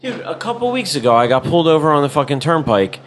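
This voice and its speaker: A man's voice: a little high, sing-song, fast. Profane, fired-up man telling stories. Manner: profane, heated storytelling. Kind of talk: casual chat.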